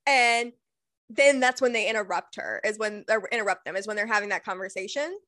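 A woman's voice: mid-range voice, fairly quick, pushed and bright, dry recording. A young woman co-hosting a casual book podcast, recapping the plot in a chatty, profane way. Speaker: podcast co-host. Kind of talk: casual book discussion chat.

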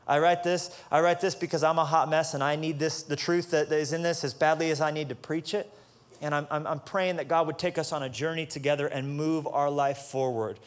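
A man preaching with a fairly high-pitched voice. He keeps the talk casual, joking and street-level, then drives his points home with emphatic stress. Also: steady tone, fairly quick. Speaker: pastor. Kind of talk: sermon.

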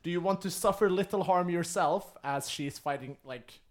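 Higher-pitched man, chatty tabletop game master. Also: moderate pace. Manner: chatty, laughs, lots of fillers.

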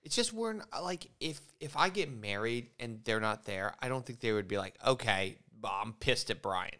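A man's voice: medium pitch, expressive, normal speed, pushed and bright. A man in his forties co-hosting a podcast in casual chat, rambling with lots of fillers and restarts. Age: 40s. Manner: rambling, filler-heavy, self-interrupting. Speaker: podcast co-host.

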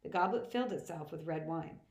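A woman narrating a novel in the first person with plain, even storytelling, recorded in an echoey room. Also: low-pitched, brisk. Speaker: audiobook reader.

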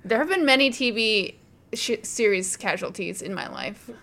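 A woman's voice: medium pitch, expressive, normal speed, sharp tone. A woman co-hosting a casual chat with a wry, self-deprecating way of talking.

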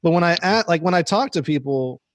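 A podcast host talks loosely and casually, his voice sitting a bit higher than most men's. He rambles from point to point, often saying "like" and restarting his sentences. The recording is close and dry. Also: lively intonation, a little fast, dry recording. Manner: easygoing and rambling, full of "like" and restarts. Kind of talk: casual chat.

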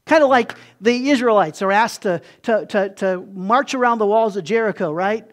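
A man preaching a sermon in a relaxed, conversational way, slipping into quick acted-out asides. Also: high-pitched. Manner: conversational, acts out voices in quotes, animated asides. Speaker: pastor.

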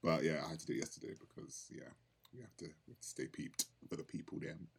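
A man's voice: extremely low pitch, fast talker, vocal fry, crowd noise. A young man co-hosting a casual podcast, laid-back and jokey, laughing a lot. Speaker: podcast co-host.

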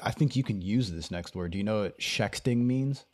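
A man's voice: fairly low pitch, moderate pace, darkish tone. A man co-hosting a podcast in casual chat, teasing and quizzing his co-host.

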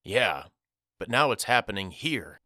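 A man reading an audiobook voices a widowed working father who speaks in low tones, exasperated but not angry and quietly frightened. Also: sing-song, unhurried, no room sound, studio quality, exaggerated voice.

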